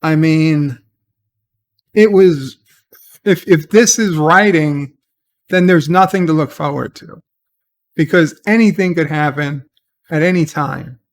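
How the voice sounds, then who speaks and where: A man talks through his review of a TV episode in a gravelly voice pitched a little above the usual. He takes his time and sounds exasperated, circling back and restarting his sentences as he goes. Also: takes it slowly, pauses often. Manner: exasperated, rambling, with repeated restarts. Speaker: TV show reviewer. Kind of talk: casual spoken review.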